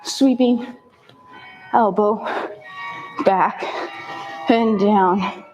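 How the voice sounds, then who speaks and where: A woman fitness instructor calmly cueing a kettlebell workout with short step-by-step commands, breathing hard between sets. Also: mid-range voice, extremely slow, dull audio, music in the background.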